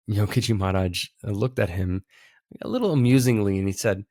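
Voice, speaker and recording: A man's voice: lowish voice, a little fast, a little mellow, dry recording, studio quality. A man hosting a podcast who tells a spiritual story in an earnest, heartfelt way. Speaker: podcast host. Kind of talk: reflective storytelling talk.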